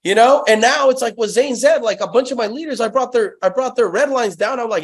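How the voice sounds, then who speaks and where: A man's voice: very high-pitched, fairly quick, few pauses. A young man telling sales stories in a casual interview, profane and hyped, saying "bro" constantly. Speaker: guest, sales company founder.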